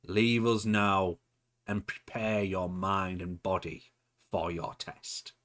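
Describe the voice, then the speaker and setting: A man putting on a slow, ominous woman manager with an accent. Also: deep voice, little pitch movement, a bit bright. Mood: ominous, commanding. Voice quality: put-on accent. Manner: slow, solemn, commanding promo. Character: cryptic woman manager of a villain stable.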